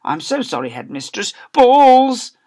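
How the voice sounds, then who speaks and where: A man voicing a booming, grumpy male schoolteacher in a storybook reading aloud. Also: sing-song, a little slow, heavily acted. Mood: frantic muttering. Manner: booming, shouting. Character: bellowing grumpy male schoolteacher, ball-obsessed.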